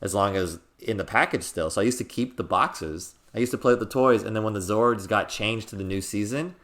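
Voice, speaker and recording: Excited rambling man telling stories. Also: lowish voice, fairly quick. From Southern California. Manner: rambling storyteller, many restarts, bursts into loud excited quotes. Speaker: podcast co-host. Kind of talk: casual podcast banter.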